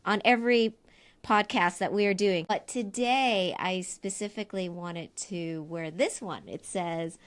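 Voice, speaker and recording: A woman's voice: fairly low pitch, unhurried, clear, resonant tone. A woman co-hosting a podcast, speaking with enthusiastic, effusive encouragement and repeating herself for emphasis. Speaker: podcast co-host. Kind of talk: casual interview chat.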